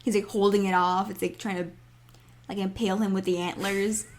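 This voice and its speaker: A woman's voice: medium pitch, level tone, fairly quick, slight background noise. A woman co-hosting a podcast, chatting casually and laughing often while recapping a cartoon episode. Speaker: podcast co-host.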